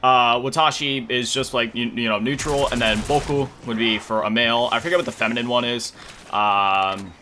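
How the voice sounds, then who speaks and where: Steady and sharp in tone, this man's mid-range voice moves at normal speed, with slight background noise. He's a gaming YouTuber chatting casually during play, rambling, self-deprecating and often trailing off as he reaches for words.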